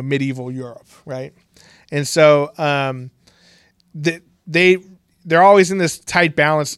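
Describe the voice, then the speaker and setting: Rambling man recapping a show, smooth voice. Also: a bit bright, no echo, studio quality. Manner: rambling, many fillers and restarts, breaks into mocking high voices for quotes. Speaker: podcast co-host. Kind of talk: casual fan chat recapping a TV series.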